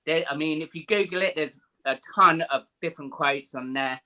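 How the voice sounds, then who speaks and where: A man's voice: fairly high pitch, normal speed, pushed and bright, poor audio. A man chatting as a guest in a casual talk, upbeat and easygoing. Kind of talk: casual chat.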